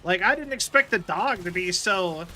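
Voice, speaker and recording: A man's voice: high voice, animated, moderate pace, pushed and bright, slight background noise. A man streaming a video game, chatting casually and explaining things at length with lots of fillers. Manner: rambling, explains with many fillers. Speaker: livestreamer.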